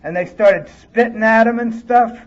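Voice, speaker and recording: Speaking at a moderate pace in a high-pitched voice, a man from California gives a candid personal recovery talk in plain, earnest words. He addresses a live audience in a conference hall, and the recording is a dull lo-fi tape.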